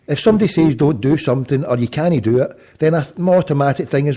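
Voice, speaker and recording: A man's voice: on the high side, fast, mellow. A Scottish man with a Glasgow accent, a radio presenter chatting on a phone-out show, full of stammered restarts and muttered asides. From Scotland. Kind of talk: casual phone-in talk radio.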